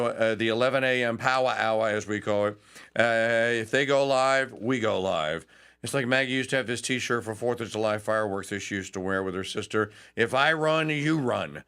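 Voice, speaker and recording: A man's voice: medium pitch, fairly bright tone, clear, resonant tone. A man from Louisiana hosting a talk radio show, delivering a folksy, joking monologue with mocking asides.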